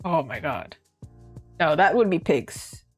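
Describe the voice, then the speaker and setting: A woman's voice: takes it slowly, slightly rough. A young woman from Canada, an art streamer, chatting casually and giggling as she talks. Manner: chatty and giggly, lively swings in pitch. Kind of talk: casual live-stream chat. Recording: faint music behind.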